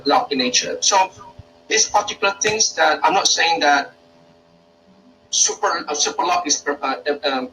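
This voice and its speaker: A man's voice: on the high side, pushed and bright, distant mic, a little hiss or hum, rough recording. Malaysian man giving a workshop talk. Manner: hesitant, many fillers and restarts. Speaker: university lecturer.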